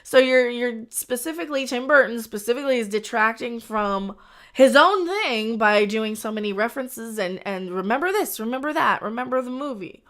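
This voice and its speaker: A woman with a somewhat high-pitched voice talks casually on her live stream. She rambles, restarts her sentences and gives strong opinions as she reviews. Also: animated, normal speed, a bit bright. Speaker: host.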